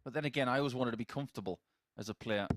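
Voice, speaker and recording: A man's voice: medium pitch, racing, background noise. A man who used to play darts, commentating live from a commentary box in a chatty, playful, anecdotal way. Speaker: darts co-commentator, former player.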